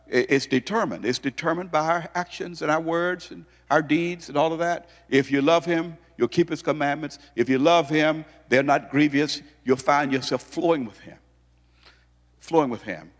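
A male pastor preaching an emphatic sermon, firing off rhetorical questions as his voice swings high and low. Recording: long hall reverb.

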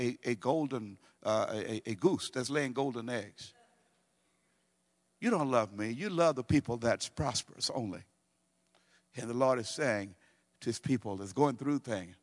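A man preaching a sermon, swinging between loud bursts and hushed, slowed-down quotations. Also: medium pitch, in a large hall. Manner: preaching with dramatic swings of volume and pace, drawn-out quotes.

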